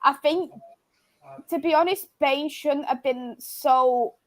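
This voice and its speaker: A woman's voice: sits high, takes it slowly. A woman co-hosting a football watchalong, reading viewer comments aloud and chatting casually with brief agreeing replies. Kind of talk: casual live-stream chat.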